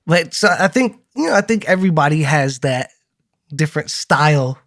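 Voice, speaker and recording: Easygoing man, bright-pitched podcast host. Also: lively intonation, moderate pace, no room sound, studio quality. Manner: storytelling, easygoing, laughs often. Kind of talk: casual chat.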